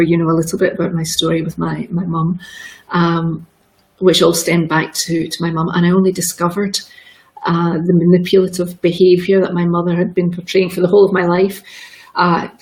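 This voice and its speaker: Speaking in a mid-range voice, a middle-aged guest recounts her own experiences with candor and emotion, frequently repeating herself. The audio is of poor quality.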